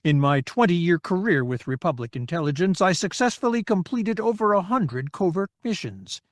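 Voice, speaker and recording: A man's voice: sits high, animated, normal speed, dry recording, clean studio sound, voice pushed up. A man voicing a proud veteran intelligence agent speaking in a formal, declaiming way. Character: proud male intelligence veteran in a recorded exhibit.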